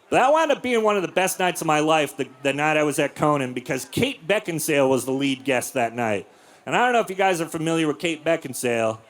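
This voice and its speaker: A man in his forties performing a stand-up comedy set on a club stage, telling crude stories deadpan and bursting into loud acted-out voices. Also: a little high.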